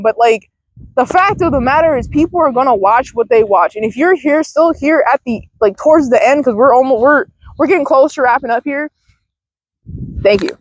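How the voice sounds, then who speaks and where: A woman's voice: high voice, normal speed, low-quality recording. A young woman vlogging outdoors in a field, giving casual mindfulness advice in a chatty, rambling way with casual swearing, recorded on a handheld phone. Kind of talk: casual rambling self-help talk.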